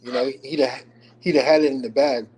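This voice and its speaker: A man co-hosts a casual chat. He makes dry, teasing remarks in a husky, breathy voice. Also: mid-range voice, steady tone, a little fast, darkish tone, rough recording. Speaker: podcast co-host.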